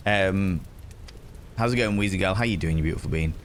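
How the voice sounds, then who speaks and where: A man's voice: deep voice, a little fast, a little hiss or hum. Chatty man hosting a stream. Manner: friendly, greets viewers by name, chatty. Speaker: livestream host. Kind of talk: casual chat reading out viewer comments.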